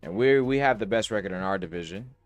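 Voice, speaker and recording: A young podcast host with a lowish voice talks fast, with lively intonation, casually mulling over sports bets using slang and profanity. The audio is dull and dry from a close mic, with no room sound and faint music.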